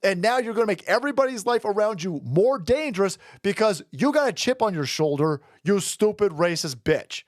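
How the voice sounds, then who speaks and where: A man's voice: high-pitched, animated, normal speed, few pauses, no room sound, studio quality. A man giving a ranting commentary vlog, angry and sarcastic, swearing and laughing mockingly as he talks. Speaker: online commentator.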